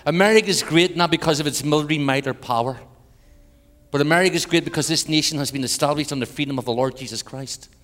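A man's voice: fairly high pitch, fast talker. A man with an Irish accent, a visiting preacher giving a sermon full of jokes and prayer to a congregation. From Ireland. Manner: joking with the congregation, then hushed prayer. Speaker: guest preacher. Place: large church. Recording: long church hall reverb.

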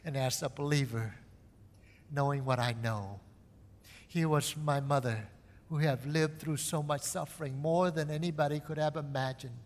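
A man's voice: a little high, big-room sound. A man from Cambodia, a missionary preacher giving an earnest sermon testimony that rises into impassioned pleading.

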